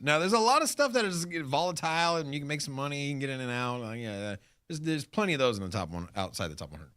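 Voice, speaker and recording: A man co-hosting a casual crypto talk show, animated and rambling with restarts and fillers. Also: on the high side, dry recording. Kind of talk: casual chat.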